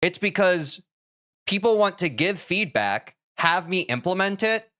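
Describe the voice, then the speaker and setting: A man's voice: sits high, expressive, unhurried, pushed and bright, clean tone, no room sound, studio quality. A man streaming a game, talking casually to his chat in a rambling, self-interrupting, opinionated way.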